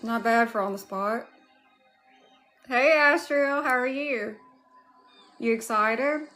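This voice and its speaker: Southern woman, livestream host, drawn-out unhurried speech, fairly high voice, faint music behind. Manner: warm greetings to chat, drawling. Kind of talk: casual live chat.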